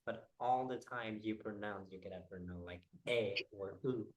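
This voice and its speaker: A man teaching a one-on-one English pronunciation lesson, explaining haltingly with many fillers. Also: lowish voice, a little mellow, rough recording.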